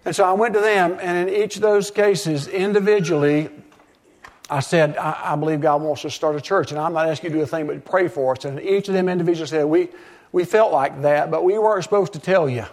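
A man's voice: on the high side, a little fast, darkish tone. A middle-aged man pastoring a church, preaching a sermon in an earnest storytelling way, often acting out what others said to him. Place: church sanctuary.

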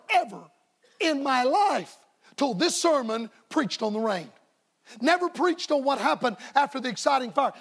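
A man preaching a revival sermon as a staff evangelist, folksy and emphatic, sometimes rising to shouts. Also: extremely high pitch, creaky.

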